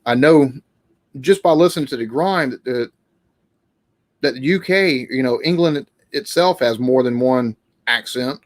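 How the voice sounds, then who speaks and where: A man hosts a casual live-stream Q&A, reading comments and answering questions. He rambles and stops to restart his sentences. His voice sits at a middle pitch, and the sound is dry and close to the mic. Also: unhurried, no room sound. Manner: rambling, hesitant, with many restarts and fillers.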